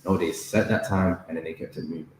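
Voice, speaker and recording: A man co-leading a casual Bible study, explaining steadily and reading scripture aloud at a measured pace. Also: deep voice, fairly even intonation, noisy background. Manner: measured, reads scripture slowly. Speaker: Bible study co-host and reader. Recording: echoey room.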